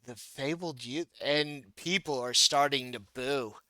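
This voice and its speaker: A man's voice: medium pitch, unhurried, sharp tone, dry recording. A man running a tabletop game as game master, narrating scenes playfully with laughs and restarts.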